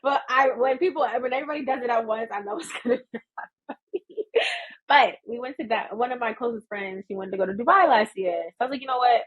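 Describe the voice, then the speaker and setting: An American woman in her thirties, a podcast guest telling stories in an animated, laughing way. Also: fairly high pitch, fast, breathy edge, muffled recording. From United States. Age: 30s. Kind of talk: casual storytelling chat.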